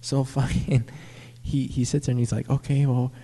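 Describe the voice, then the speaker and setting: A young man telling a rambling, profane story, excited and stumbling over his words. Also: medium pitch, normal speed, slightly rough, in a large hall. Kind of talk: casual profane anecdote.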